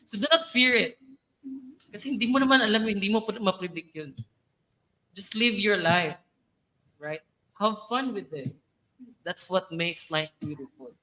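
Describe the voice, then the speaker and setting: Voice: mid-range voice, animated, moderate pace, pauses often, pushed and bright, rough recording. A young adult Filipino speaker giving a chatty, playful talk at a student orientation, laughing often. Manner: chatty, playful, mixes English and local phrases, laughs often.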